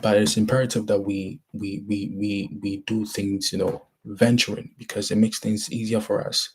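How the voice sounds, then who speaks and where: A young man with a Ghanaian accent hosting a casual motivational talk, halting and rambling, often restarting his sentences. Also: lowish voice, flat delivery, slight background noise. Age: young adult.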